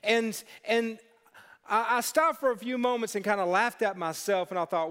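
A man's voice: sits high, normal speed, pushed and bright, clear, resonant tone. A man preaching a sermon as pastor, telling stories and breaking into playful voices for the people in them. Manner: storytelling with playful character voices. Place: church sanctuary. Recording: long hall reverb.

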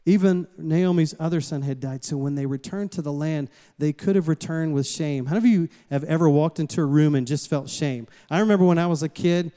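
A man from the States, preaching a sermon as a pastor and calling out to the congregation in a lively storytelling way. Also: fairly high pitch, brisk, few pauses, clear, resonant tone. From Southern United States. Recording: long hall reverb.

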